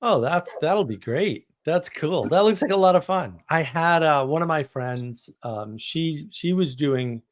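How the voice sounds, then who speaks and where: Stream co-host, male, a touch high, chatty, agreeable. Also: lively intonation, unhurried, hardly any pauses. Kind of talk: casual chat on a live stream.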